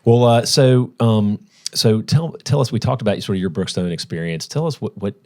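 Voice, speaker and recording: A man's voice: fairly low pitch, moderate pace, a little mellow. A middle-aged man hosting a school podcast, effusive and full of stammering restarts. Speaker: podcast host.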